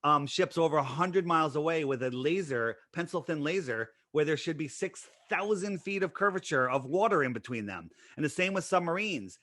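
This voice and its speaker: Man, interview guest: insistent, piles up rhetorical questions; bright, forceful tone, dry close sound. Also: on the high side, animated, moderate pace, few pauses, no room sound. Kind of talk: conversational explanation.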